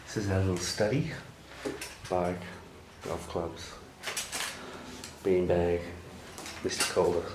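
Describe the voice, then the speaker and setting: A man's voice: sits low, steady tone, slow, pauses often. Man coaxing a toddler in baby talk. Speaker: father filming his toddler. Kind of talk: home video chat with a toddler. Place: family home, indoors. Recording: echoey room with loud vacuum hum.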